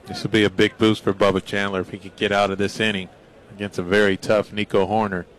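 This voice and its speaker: A man giving baseball color commentary, measured and analytical in tone. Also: on the low side, flat delivery.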